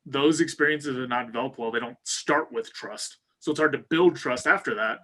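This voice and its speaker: Male co-host, mid pitch, bright and tense tone, relaxed chatty delivery. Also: moderate pace. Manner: relaxed, lots of fillers, tells stories from his own work life. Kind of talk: casual chat.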